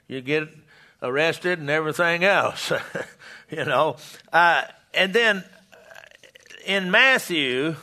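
A man teaching a Bible sermon, reading scripture aloud and explaining it, halting and restarting often. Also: on the high side, sharp tone. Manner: slow, halting, with many restarts and fillers. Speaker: preacher.

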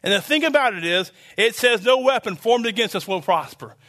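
A man's voice: sits high, animated, brisk, pushed and bright. A man preaching a conversational sermon, earnest and rambling, full of restarts and fillers, building to emphatic declarations. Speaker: pastor.

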